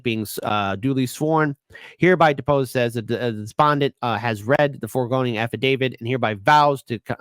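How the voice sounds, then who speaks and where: A man hosting a political commentary show reads documents aloud, halting and stuttering as he goes. His voice is medium-pitched, a bit bright, clear and resonant. It's recorded close and dry, with no room echo.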